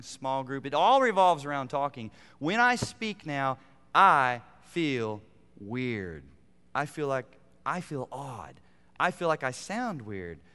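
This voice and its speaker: A middle-aged male pastor preaching with a bright, forceful, resonant voice pitched a little high. He swings from emphatic climbs down to hushed, conversational asides. His sermon rings with the long reverb of a large church hall. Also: smooth. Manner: animated, rising to emphatic peaks then dropping to quiet asides. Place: church sanctuary.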